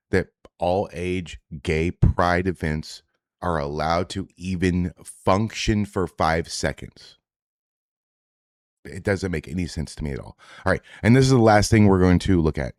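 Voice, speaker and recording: A man's voice: low-pitched, unhurried, dry recording, clean studio sound. A man hosting an online reaction video, talking bluntly and with a lot of profanity, sounding exasperated. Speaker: host reacting to clips. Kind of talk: casual reaction commentary.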